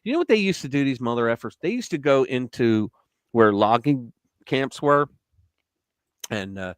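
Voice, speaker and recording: Lively, blunt man hosting live commentary. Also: mid-range voice, normal speed, clear, resonant tone, dry recording. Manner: blunt, profane, laughs at own jokes. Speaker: host. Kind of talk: casual live-stream commentary.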